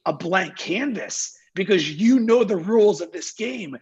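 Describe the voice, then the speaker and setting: A marketing agency founder guests on a video-call interview, his high-pitched voice darkish and breathy with lively intonation, delivered unhurriedly in lo-fi sound. The talk is energetic and emphatic, full of rhetorical questions and reenacted client remarks.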